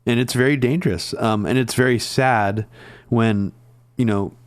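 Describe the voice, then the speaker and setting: A man talking in a casual political discussion, earnest and halting, with many ums and restarts. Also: medium pitch, fairly even intonation, no echo.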